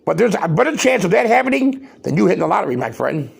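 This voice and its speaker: A man's voice: high voice, big pitch swings, fast, vocal fry, husky. A man hosting a podcast, delivering worked-up, emphatic commentary and firing off rhetorical questions. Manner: loud, worked-up. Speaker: podcast host. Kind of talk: ranting commentary.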